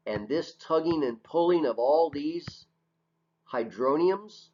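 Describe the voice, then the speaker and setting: Man lecturing on muffled lo-fi audio. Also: mid-range voice. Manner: conversational, asks and answers his own questions, frequent "right?". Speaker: teacher. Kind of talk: recorded classroom lecture over slides. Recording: dull lo-fi audio.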